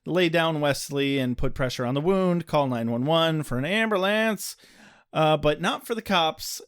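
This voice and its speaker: A man's voice: on the high side, normal speed, clear, resonant tone. A man co-hosting a podcast, recapping an episode in a casual, sardonic and profane way. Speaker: podcast co-host. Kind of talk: casual chat.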